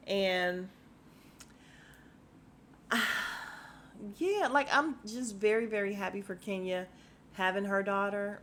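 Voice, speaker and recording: A woman's voice: fairly low pitch, fairly bright tone, slight background noise. Woman podcast host doing a reality tv recap, chatty, laughs a lot, blunt, swears some, talks to "y'all". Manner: talks straight to listeners as "y'all".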